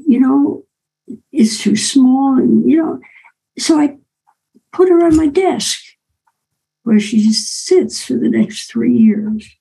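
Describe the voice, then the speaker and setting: An older woman telling a personal story in a reflective way, often pausing and adding "right?" asides. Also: a little high, creaky, mellow, husky, rough recording.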